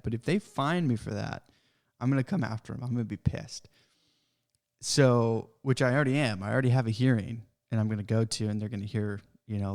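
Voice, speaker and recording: A pest control business owner hosts a podcast, his mid-range voice a little mellow. In a casual rant, he vents about an inspection, sounding frustrated and worked up.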